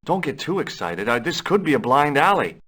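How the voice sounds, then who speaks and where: A man's voice: fairly high pitch, sing-song, brisk, fairly bright tone, slightly rough, heavily acted. An actor voicing a curious young adventurer in a video game, asking questions in a casual, dry way and narrating his story. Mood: inquisitive.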